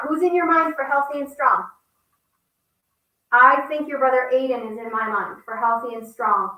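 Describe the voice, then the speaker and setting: A woman's voice: high-pitched, a little slow, bright, forceful tone, far from the mic. A woman teaching a children's yoga class over a video call, coaxing and upbeat as she talks straight to the kids and reads them a story. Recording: roomy echo.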